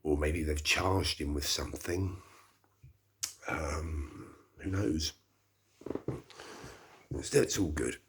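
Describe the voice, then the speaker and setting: A middle-aged man talks through his early-morning podcast in a slow, meandering way, sighing between thoughts. His voice sits very low and comes out husky, with an unhurried drawl as he mulls things over at home. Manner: slow, rambling, reflective with sighs. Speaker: podcast host. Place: small flat indoors.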